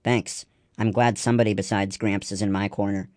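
A man's voice: fairly low pitch, little pitch movement, fairly quick, a little mellow, no echo, clean studio sound, natural voice. A man reading the lines of a spirited, stubborn young girl ballplayer in a storybook. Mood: eager.

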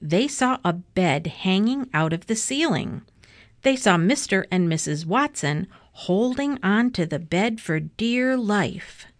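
A woman's voice: mid-range voice, no room sound, studio quality. A woman expressively reading a children's chapter book aloud. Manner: expressive, unhurried. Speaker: storybook reader.

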